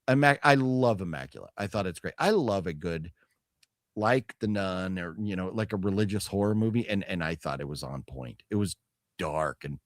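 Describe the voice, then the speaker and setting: A man's voice: deep voice, normal speed, no room sound, clean studio sound. A man hosting a casual chat about a movie haul, rambling with restarts and reading chat comments aloud. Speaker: show host.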